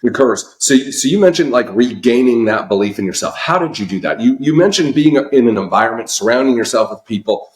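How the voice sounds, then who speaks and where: Male host, medium pitch, recorded in a roomy echoing space, drives the interview with motivational reflections. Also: animated, brisk, hardly any pauses. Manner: motivational, stresses key phrases, repeats himself when starting questions. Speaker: podcast host. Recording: echoey room.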